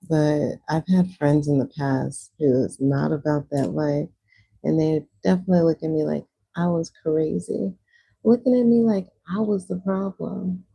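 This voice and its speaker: Gravelly, mellow-voiced woman chatting on stream. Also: low voice, low-quality recording. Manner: chatty, rambling, many "like" fillers. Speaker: livestreamer. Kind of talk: casual chat while painting on a livestream.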